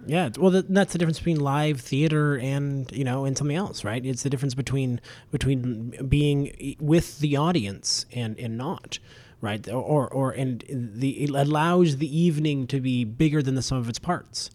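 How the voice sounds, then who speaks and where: A man's voice: mid-range voice, moderate pace, a little mellow. A man co-hosting a storytelling podcast, talking in a loose, rambling way with many fillers and restarts. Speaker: podcast co-host. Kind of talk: casual podcast chat.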